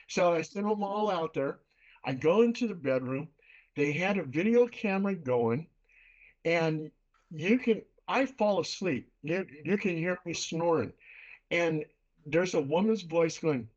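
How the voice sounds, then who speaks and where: Guy telling a wild ghost story, swears a lot, kinda high voice, dull lo-fi sound. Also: a little slow. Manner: animated, profane storyteller. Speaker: paranormal investigator. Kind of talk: storytelling in casual talk.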